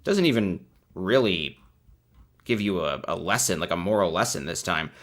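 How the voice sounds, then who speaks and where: Brief: male stream host, wry and self-mocking, pitch swinging widely, casual riffing on his own reading. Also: animated, normal speed. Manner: sarcastic, self-deprecating, tangent-prone. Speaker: host of a commentary channel. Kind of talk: casual livestream commentary.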